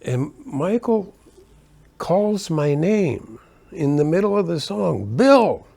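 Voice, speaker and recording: An older man, a keyboardist, telling animated stories from his touring days in a casual way. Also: takes it slowly, vocal fry. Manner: animated, acts out quotes with rising pitch. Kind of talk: casual storytelling.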